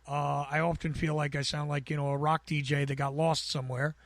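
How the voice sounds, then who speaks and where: An American man with a gravelly, buzzing voice, chatting casually as a podcast guest and rambling with stammered restarts. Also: a little high, level tone, a little fast, no echo. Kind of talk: casual chat.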